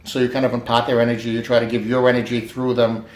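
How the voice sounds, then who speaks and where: A man telling a personal story casually, acting out the quoted lines of the people in it with lively emphasis. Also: mid-range voice, fast. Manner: animated, acts out quoted dialogue. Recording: echoey room.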